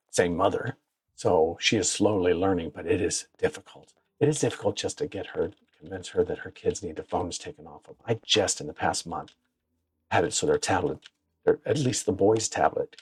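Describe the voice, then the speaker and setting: A man giving casual gameplay commentary that turns into blunt, profane, animated stories, recorded on a clip-on mic at home. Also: deep voice, husky, no echo. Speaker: gaming streamer. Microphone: wireless clip-on mic.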